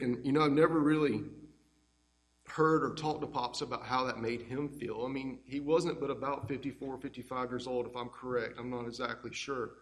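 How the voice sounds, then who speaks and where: A man tells warm, rambling family stories as a eulogy. His voice is middle-pitched. It rings through a large church with a long, roomy reverb. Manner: warm, rambling, fond anecdotes. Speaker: grandson giving a eulogy. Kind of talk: heartfelt eulogy storytelling.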